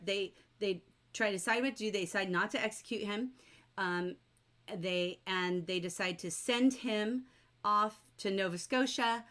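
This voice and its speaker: A woman teacher leading a livestreamed novel study, chatty and lively as she reads quotes aloud and answers viewers in the chat. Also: medium pitch. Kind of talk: livestreamed book discussion, reading chat aloud.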